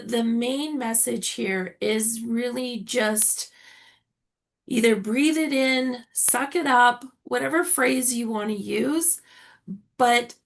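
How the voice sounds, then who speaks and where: A woman's voice: on the high side, vocal fry. A woman hosting an online summit interview, enthusiastically praising her guest and asking follow-up questions. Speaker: summit host.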